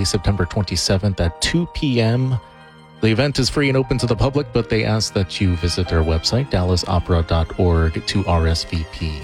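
A male radio reporter with a fairly low voice reads a scripted news segment in a measured, even delivery. A clear music bed runs beneath his words throughout.

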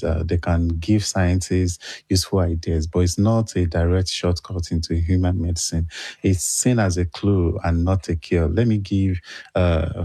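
A man speaking as a guest on a radio show, careful and measured, correcting a popular myth. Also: deep voice, warm tone, dry recording, clean studio sound. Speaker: science guest commentator. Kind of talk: radio discussion.

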